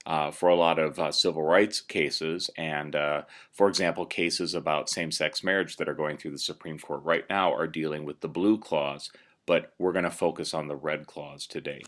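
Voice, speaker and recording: A man's voice: a bass voice, a bit bright. A man teaching a recorded lesson, explaining step by step with many "uh"s and "um"s. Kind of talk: recorded classroom lecture.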